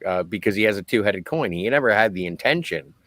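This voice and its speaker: A man co-hosting a podcast, excitedly analyzing a character's motives in casual film talk. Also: lowish voice, quick pace, dry recording. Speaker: podcast co-host.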